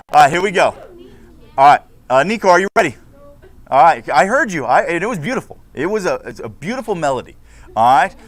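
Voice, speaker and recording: A man teaching a school class, playful and joking with his students in a classroom. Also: a little high. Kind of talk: classroom instruction.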